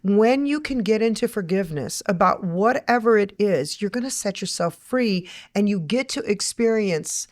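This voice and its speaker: Podcast host: middle-aged woman, mid pitch, animated storyteller who acts out her own inner voice. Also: normal speed, few pauses. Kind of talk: faith-based interview chat.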